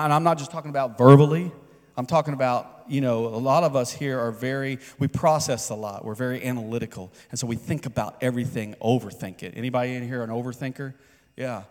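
A male pastor delivering a sermon in a mid-pitched voice, talking to the congregation as if in conversation and asking them questions. His voice rings out with the long reverb of a big church hall. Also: a little fast. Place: church sanctuary.

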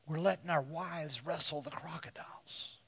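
A man preaching a sermon to men in slow, deliberate phrases that often sink to a hush. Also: on the high side, steady tone, husky, lo-fi sound. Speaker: pastor.

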